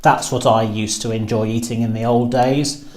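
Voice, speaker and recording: A man voicing a very old, toothless male giant in a storybook, speaking slowly with a gruff, booming, fierce manner. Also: fairly even intonation, a little mellow, lightly acted.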